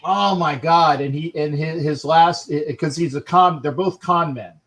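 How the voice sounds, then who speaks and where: A man's voice: a little high, unhurried, fairly bright tone. A man hosting a casual sports-fan livestream, rambling and searching aloud for words. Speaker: host.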